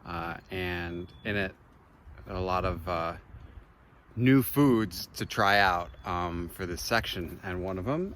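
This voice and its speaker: A man's voice: lowish voice, measured pace, fairly bright tone, a little hiss or hum. A man on a long-distance hike, talking casually to a handheld camera outdoors, easygoing and rambling as he thinks aloud. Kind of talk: casual trail vlog. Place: outdoors on a mountain trail.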